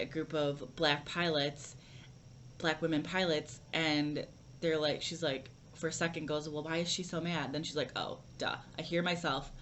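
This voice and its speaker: Low-voiced woman chatting about books. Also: a little hiss or hum. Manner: rambling, many fillers and restarts. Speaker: book vlogger. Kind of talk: casual book review chat.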